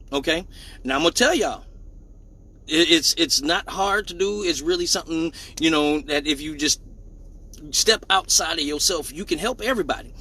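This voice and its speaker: A man with a husky, high voice hosts a crude comedic livestream chat, preaching in a joking, mock-serious way and breaking into loud bursts of laughter. The recording quality is low.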